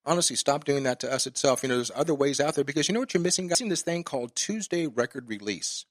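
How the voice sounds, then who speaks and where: A man's voice: mid-range voice, lively intonation, fast talker, no room sound. A man hosting a podcast, ranting with passion and swearing in a casual interview chat. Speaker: podcast host.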